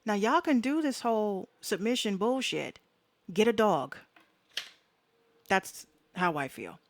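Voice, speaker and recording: Speaking slowly in an expressive, medium-pitched voice, this woman runs her own podcast as a casual solo talk. She's frank and fired up, throwing out blunt opinions in slang with plenty of cursing.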